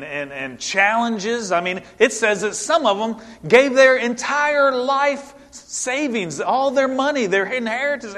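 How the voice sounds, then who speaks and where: Guy preaching, pretty high voice, emphatic and earnest, church echo hanging on every word. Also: fairly bright tone. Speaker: pastor. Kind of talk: sermon. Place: church sanctuary. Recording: long hall reverb.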